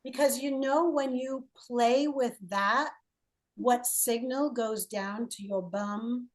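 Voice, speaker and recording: A woman's voice: fairly high pitch, steady tone, takes it slowly, darkish tone. Playful woman coaching on a call. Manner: playful, encouraging, asks leading questions. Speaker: healing coach.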